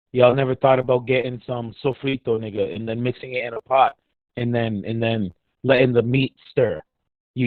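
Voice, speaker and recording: A man's voice: medium pitch, no echo. A man, from a Dominican family, delivering a heated, profane, sarcastic sports rant as a podcast co-host. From Dominican heritage. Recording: dry, tinny phone-like line.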